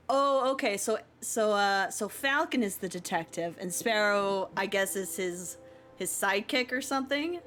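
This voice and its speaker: A woman's voice: mid-range voice, expressive, moderate pace, a bit bright. A woman streaming a video game live, chatting casually with a giggly manner and reading the game text aloud.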